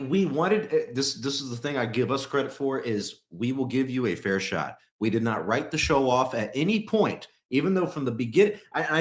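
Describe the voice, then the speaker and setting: A man's voice: mid-range voice, echoey room. A man from Texas co-hosting a casual podcast, rambling with many restarts and fillers. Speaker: podcast co-host.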